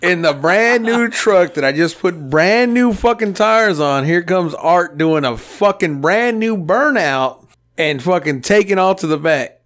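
A man's voice: fairly high pitch, animated, unhurried, a bit bright. A man in his thirties, co-hosting a podcast, telling crude garage stories in casual chat and acting out the quotes. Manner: profane, rowdy storytelling with acted-out quotes. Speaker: podcast co-host.

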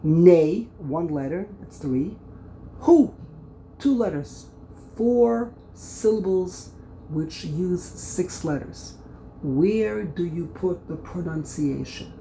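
A man teaches a Bible lesson in a gravelly, fry-laced voice, working through the commentaries as he thinks aloud. He restarts and repeats words often and sounds out syllables with sudden loud stress. A faint hum of the room sits behind him. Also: high voice, animated, takes it slowly, low-quality recording. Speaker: Torah teacher.

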